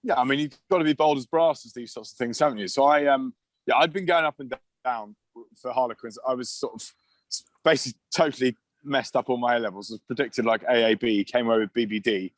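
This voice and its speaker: Middle-aged man, rambling storyteller, medium pitch, dry close sound, casual chat. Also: fast, no echo. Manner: rambling anecdotes with many restarts and laughs. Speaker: guest, former rugby player.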